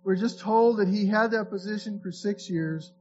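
A man's voice: high-pitched, moderate pace, darkish tone, muffled recording, a little hiss or hum. A man preaching a sermon in a conversational way, reading scripture aloud and often restarting his words. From Florida. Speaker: pastor.

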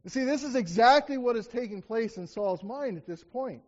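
A high-voiced man preaches in a relaxed, conversational way, breaking off to act out quotes with growing force. The recording is dull and lo-fi. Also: normal speed. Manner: conversational, acts out quotes with rising emphasis. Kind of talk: sermon with scripture reading.

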